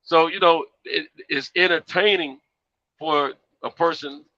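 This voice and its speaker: A man hosting a boxing chat, tired and laid-back, who rambles and stumbles over his words. His voice is bright and sharp. The sound is muffled. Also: a little high, a little slow. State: tired, yawning. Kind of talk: casual chat.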